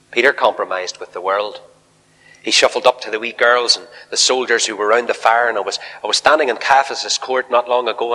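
A man preaching a fiery revival sermon in a large church hall, swinging from shouted appeals to hushed near-whispers. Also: lowish voice.

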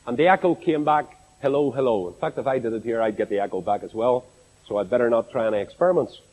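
A man's voice: medium pitch, fast, darkish tone. A man with a Northern Irish accent preaching a sermon to a congregation, speaking expressively and asking rhetorical questions in an echoey hall. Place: large assembly hall.

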